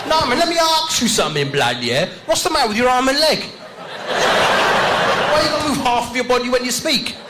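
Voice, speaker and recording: A man's voice: very high-pitched, big pitch swings, a little fast, over a noisy crowd, heavy background noise, voice pushed up. A man putting on the voice of a pushy young male street kid, insistent with clipped slang.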